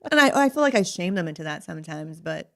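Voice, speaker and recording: A woman's voice: fairly low pitch, big pitch swings, fast talker, vocal fry, a bit bright. A middle-aged woman co-hosting a casual podcast, joking playfully and turning heartfelt. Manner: joking, playful, emotional at times. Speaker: podcast co-host. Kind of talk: casual chat.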